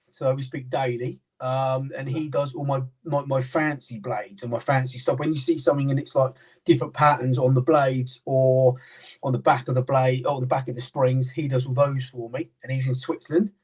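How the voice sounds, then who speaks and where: A man's voice: medium pitch, steady tone, normal speed, recorded from a distance, rough recording. A British man in casual chat, rambling with many fillers and restarts as he explains his knife-sharpening work. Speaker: knife sharpener and maker, guest. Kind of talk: casual chat on a live stream.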